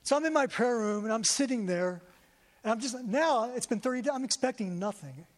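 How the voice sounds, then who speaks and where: A man with a very high, lively voice speaks a little fast as he preaches to a congregation, sharing his testimony with deep emotion and repeating words often. Long hall reverb surrounds the recording.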